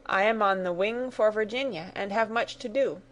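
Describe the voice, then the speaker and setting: A woman voicing a polite, earnest young gentleman in a read-aloud story. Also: mid-range voice, normal speed, lightly acted. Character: gallant young man, proud and warm.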